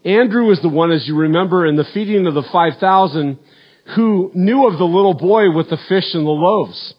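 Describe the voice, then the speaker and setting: A middle-aged man preaching a sermon as pastor, earnest and repeating words, his voice falling low at the end of points. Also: moderate pace, dull audio. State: emotional, choked up.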